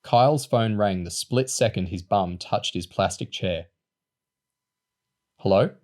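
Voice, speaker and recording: A man reading a novel aloud in a steady narrating voice. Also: lowish voice, a little slow. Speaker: audiobook reader. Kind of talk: storybook reading.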